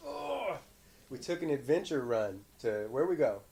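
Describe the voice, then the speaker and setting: A man hosting a casual chat with his young son, telling stories in an animated way and laughing often. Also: a little high, unhurried, gravelly, slight background noise. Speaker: podcast host and father.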